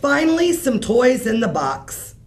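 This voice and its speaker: A woman's voice: fairly high pitch, big pitch swings, a little slow, darkish tone, voice pushed up. A woman reading a bedtime story aloud, voicing a firm, exasperated mother sorting her son's toys.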